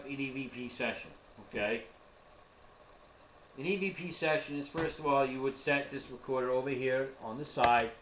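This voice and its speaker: A man's voice: medium pitch, a little hiss or hum. Brief: male tour guide, casual and earnest, mid-range voice, roomy live-stream audio. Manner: earnest, chatty, addresses viewers as folks. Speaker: ghost hunting tour guide. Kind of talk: casual instructional talk.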